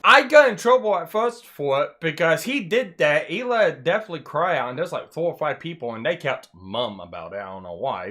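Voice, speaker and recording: A man's voice: fairly high pitch, normal speed, few pauses. A young man telling a school story in a casual chat, swearing freely and acting out the moments in a raised voice. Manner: animated, swearing, retells scenes in raised quoted voices. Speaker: podcast host.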